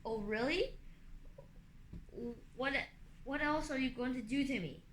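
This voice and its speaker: A woman voicing a bold, defiant young female sea dragon who talks back loudly. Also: sits high, unhurried. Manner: challenging, bold. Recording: echoey room, faint hum.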